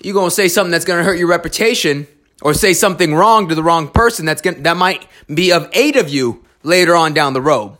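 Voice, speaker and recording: A man's voice: fairly high pitch, quick pace, pushed and bright. Blunt, profane man telling a story. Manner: blunt, profane, restarts a lot; earnest, motivational. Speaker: storyteller giving life advice. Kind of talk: casual monologue.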